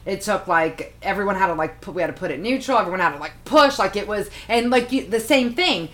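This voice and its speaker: A woman with a mid-range voice co-hosts a casual podcast. She teases her friend, reacts fast, and tells her own stories in loose, repetitive phrasing. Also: mid-range voice, lively intonation, a bit bright. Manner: teasing, quick reactions, repeats words for emphasis. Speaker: podcast co-host. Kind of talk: casual chat.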